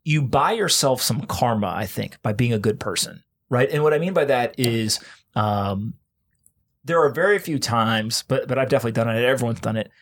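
A man's voice: medium pitch, animated, a bit bright. Emphatic man hosting a podcast chat. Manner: emphatic, keeps checking in with "right?"; fast bursts of talk with restarts. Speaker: podcast host. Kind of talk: casual conversation.

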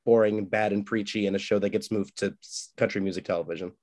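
A man's voice: fairly low pitch, fairly even intonation, quick pace, darkish tone. A man co-hosting a podcast in casual chat, wry and teasing, with some casual swearing. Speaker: podcast co-host.

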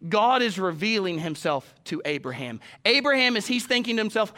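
High bright-voiced male preacher. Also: expressive, a little fast, few pauses. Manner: asks the congregation many rhetorical questions; swings between raised emphatic lines and soft hushed ones. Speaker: pastor. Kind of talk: sermon.

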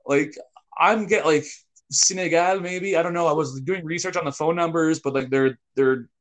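Brief: male storyteller, fairly high voice, animated and foul-mouthed, casual podcast chat. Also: normal speed. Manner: animated, swears a lot, bursts of yelling when quoting. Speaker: podcast co-host telling a story.

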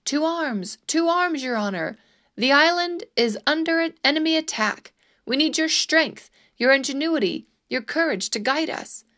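A woman voicing a rowdy crowd of prankster townsmen, shouting and taunting. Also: a little high, very animated, moderate pace, few pauses. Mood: urgent.

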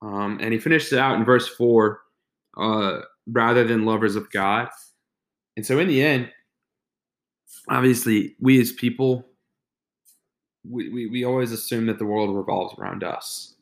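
A man's voice: mid-range voice, a little slow, long pauses. A young man co-hosting a faith podcast, talking casually with many restarts and fillers. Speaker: podcast co-host.

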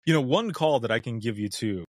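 A middle-aged former 911 dispatcher from Southwest Michigan tells stories in a casual chat, animatedly acting out the voices of the people in them and laughing often. His mid-range voice moves fairly quickly, recorded at studio quality with no echo.

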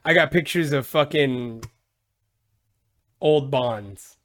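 A man hosting a podcast, joking and swearing in loose, animated banter. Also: medium pitch, takes it slowly, no room sound, studio quality. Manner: animated, profane, jokey. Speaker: podcast host. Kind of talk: casual podcast chat.

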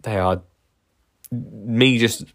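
A man's voice: fairly low pitch, extremely slow, fairly bright tone. A man hosting a casual solo podcast, rambling enthusiastically with lots of fillers and restarts. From England. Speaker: podcast host.

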